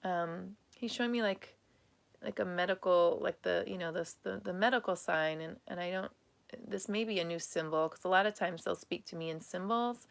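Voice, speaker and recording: A woman psychic medium giving a live reading, speaking in a halting, emotional way with many restarts, at times tearful. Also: lowish voice, vocal fry.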